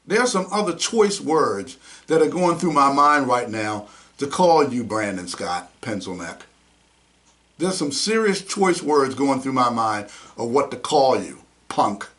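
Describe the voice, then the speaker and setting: This podcast host speaks in an expressive, slightly slow, mid-range voice with a bit of brightness. Running a talk show, he delivers heated commentary as indignant, mocking rants full of name-calling.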